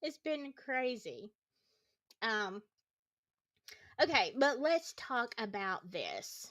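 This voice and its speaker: A woman talking casually to her livestream viewers, her high voice swinging widely between notes as she gets heated. She sounds worn out but opinionated, tossing in sarcastic asides. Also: big pitch swings, very slow, fairly bright tone. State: tired. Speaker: YouTube true-crime commentator.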